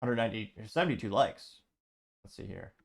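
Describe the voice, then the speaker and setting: A man's voice: on the low side, animated, a little fast, gravelly. Man reading comments with dry asides. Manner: reads quotes aloud with dry asides. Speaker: show host.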